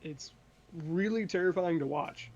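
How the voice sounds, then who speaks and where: A man's voice: sits high, a little slow, a little mellow. A man playing a tabletop game, describing his character's actions in a casual way. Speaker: player. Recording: dull lo-fi mic with faint noise.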